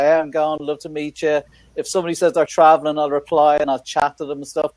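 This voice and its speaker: A man's voice: fairly high pitch, a little mellow, no echo. An Irish man chatting casually as a guest on a video call, laughing easily. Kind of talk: casual chat.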